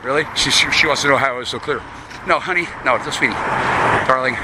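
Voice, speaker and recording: A man's voice: mid-range voice, very fast. A man rambling and swearing constantly while walking along a town street, talking to an unseen listener he calls sweetie. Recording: loud street and traffic noise.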